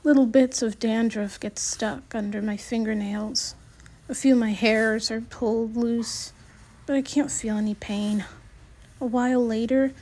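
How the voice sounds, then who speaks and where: A woman narrating an audiobook in the first person, reading gently with the odd restart. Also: fairly high pitch, fairly even intonation, unhurried.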